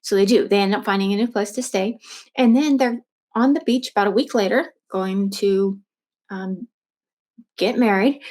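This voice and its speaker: A woman's voice: medium pitch, moderate pace, darkish tone. A woman casually retelling a true crime story, chatty, with lots of fillers and restarts.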